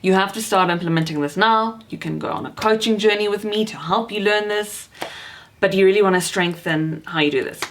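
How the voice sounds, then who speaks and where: A woman's voice: medium pitch, fairly quick, slight background noise. A voice coach and actor, a woman, teaching how to project the voice, speaking emphatically and encouragingly. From South Africa. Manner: emphatic, encouraging, demonstrates shouting. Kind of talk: vocal coaching lesson to camera.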